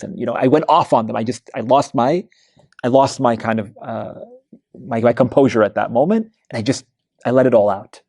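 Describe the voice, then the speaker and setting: A man with a gravelly, dark voice gives a weekly religious study lecture. He tells stories conversationally, filling gaps with fillers and restarts, and the sound is close and dry. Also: mid-range voice, fairly quick, no room sound. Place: mosque lecture hall.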